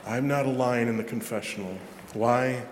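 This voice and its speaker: A man's voice: medium pitch, fairly even intonation, normal speed, slight background noise. A man gives a casual, self-deprecating homily as a parish priest. His mid-range voice rings through a large church with long reverb. Faint room ambience sits underneath. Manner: conversational, self-deprecating preaching with quoted asides. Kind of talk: sermon.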